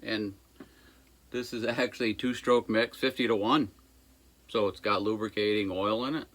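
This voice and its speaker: Low-ish bright voiced repair guy rambling folksy at his workbench, jokes here and there. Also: steady tone, unhurried. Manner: folksy, rambling, jokey asides. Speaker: small engine repair shop owner. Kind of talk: casual workshop how-to talk. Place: workshop by a busy road.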